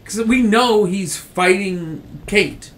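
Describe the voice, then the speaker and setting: Young-sounding high male gamer, irritable and profane, casual co-op banter. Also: slow. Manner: frustrated, swearing, bursts into shouts. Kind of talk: casual let's play chat.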